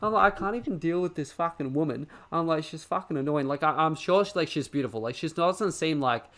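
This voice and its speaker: Podcast co-host: man, casual, sweary, animated rants. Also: fairly high pitch, quick pace. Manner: swears a lot, ranting and animated. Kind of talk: casual chat.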